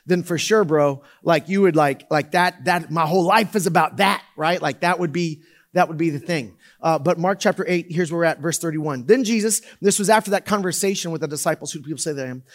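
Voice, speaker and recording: A man's voice: on the high side, brisk. A man preaching a casual, conversational sermon in a loose style, full of fillers and restarts. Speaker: pastor.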